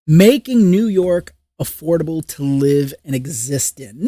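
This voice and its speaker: A podcast co-host in casual political chat, exasperated and animated, swearing freely. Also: mid-range voice, unhurried, hardly any pauses, no echo, clean studio sound.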